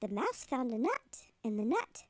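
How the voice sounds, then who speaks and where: A woman reading a children's picture book aloud in an animated, sing-song way. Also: a little high, measured pace, no room sound. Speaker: storybook reader. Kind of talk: children's story read-aloud.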